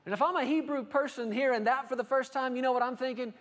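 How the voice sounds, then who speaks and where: High-voiced male preacher. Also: quick pace. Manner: animated, rhetorical, with acted quotes. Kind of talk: sermon.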